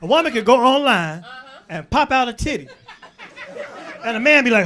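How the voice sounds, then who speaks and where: A man performing a stand-up comedy set in a club, working the crowd with loud bursts and low asides. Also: expressive, a little fast. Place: comedy club stage before a laughing crowd. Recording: live club recording with crowd laughter. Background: audience laughter.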